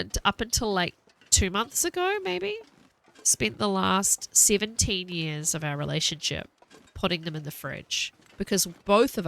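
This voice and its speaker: Bright chatty New Zealand woman. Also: fairly low pitch, vocal fry. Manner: chatty, rambling, laughs often. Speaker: game streamer. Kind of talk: casual chat while streaming.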